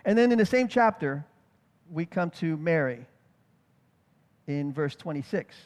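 A high-pitched male preacher giving a relaxed, conversational Bible teaching. He thinks out loud and often checks in with his listeners through rhetorical questions. His voice rings in a hall with long reverb. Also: measured pace. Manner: thinks aloud, with restarts and rhetorical "right?".

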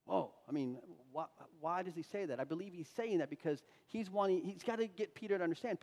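A man's voice: high-pitched, a little fast, hardly any pauses, a little mellow, big-room sound. A man preaching a sermon, explaining scripture verse by verse and building to emphatic points, with dramatic quoted voices. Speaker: pastor.

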